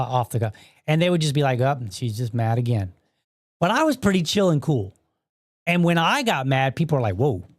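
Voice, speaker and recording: A man's voice: fairly high pitch, no echo, studio quality. A man in his thirties hosting a solo podcast, explaining his views in a conversational way with rhetorical questions and frequent restarts. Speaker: podcast host. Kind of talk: casual solo commentary.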